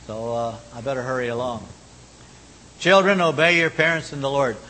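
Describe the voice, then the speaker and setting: A man preaching a sermon in a folksy manner, moving between loud exhortation and hushed, low tones. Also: normal speed. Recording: long hall reverb, faint rumble.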